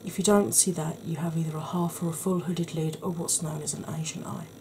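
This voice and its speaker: Soft-spoken woman, slightly husky. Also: low voice, steady tone, brisk, slight background noise. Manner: chatty, explanatory, soft-spoken. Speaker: makeup tutorial host. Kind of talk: soft-spoken ASMR makeup tutorial.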